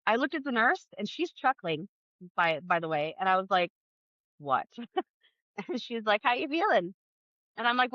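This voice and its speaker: A woman in her thirties, a podcast guest, telling her birth story in a casual, animated way, acting out the people she quotes. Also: mid-range voice, moderate pace, long pauses, no echo, highs cut off. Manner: animated, acts out quoted dialogue, laughs often.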